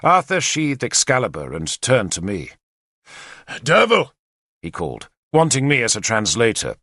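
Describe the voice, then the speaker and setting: A male audiobook narrator tells the story in the first person with a very animated, rising and falling delivery. His voice is bright and forceful, recorded dry and close with no room sound. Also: lowish voice, moderate pace, no echo. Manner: expressive, lively storytelling.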